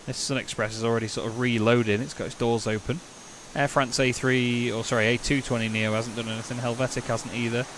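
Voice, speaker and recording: A man from England talks casually on a live stream, thinking aloud and slipping into crisp, clipped radio-controller phrasing. His voice sits at an ordinary pitch, with a faint hiss of background noise under the desk microphone. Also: level tone, brisk, few pauses. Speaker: streamer playing an air traffic control game.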